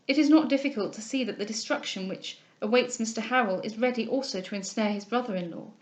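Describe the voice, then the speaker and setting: A woman reading a calm, gently firm young lady. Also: a little high, close to an everyday voice. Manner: measured, gentle, formal. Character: composed, kindly young heiress, gently firm. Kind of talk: audiobook character reading.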